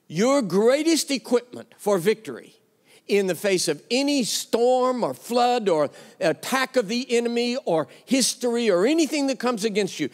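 A man's voice: high-pitched, sing-song, moderate pace. A man preaching a sermon, telling a story with quoted dialogue and an emphatic delivery. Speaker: pastor. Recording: long reverb of a large hall.

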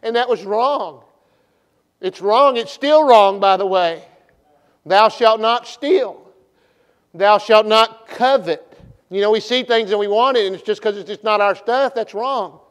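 A man preaching at a revival, telling a story in a folksy way and shifting from hushed to loud. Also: sits high, normal speed. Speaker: pastor. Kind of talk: revival sermon. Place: church sanctuary. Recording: long church reverb.

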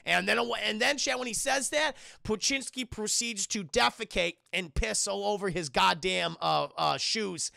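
A man's voice: sits high, measured pace, vocal fry, few pauses, bright, forceful tone, no room sound, studio quality. A man giving casual live-stream commentary on a TV episode, rambling and profane, with many restarts as he talks to his chat.

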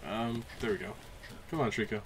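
A young man casually commentating a video game, chatty and jokey, with loud excited outbursts. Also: on the low side, a little fast, background noise. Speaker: let's play host. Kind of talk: gameplay commentary.

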